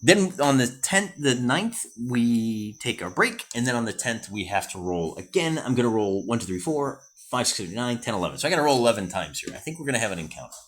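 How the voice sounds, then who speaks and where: An American man talks through a solo wargame in a relaxed, rambling way, thinking aloud and often correcting himself. His pitch rises and falls with lively energy, sitting in an ordinary middle register. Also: fast, hardly any pauses, a little hiss or hum. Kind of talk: casual narrated solo wargame session.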